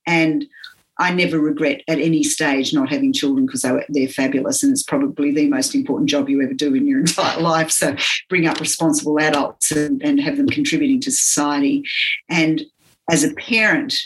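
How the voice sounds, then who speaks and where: An older Australian woman with an accent from home, reflecting on her teaching career in an earnest, halting way with many pauses. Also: sits low, steady tone, slight background noise, poor audio. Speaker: interviewee, physiotherapy teacher. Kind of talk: reflective interview talk.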